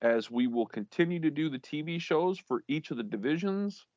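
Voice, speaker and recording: A man's voice: fairly high pitch, lively intonation, normal speed, a little mellow, no room sound, lo-fi sound. A man co-hosting a casual podcast, reading out league champions while stumbling over names and laughing at himself.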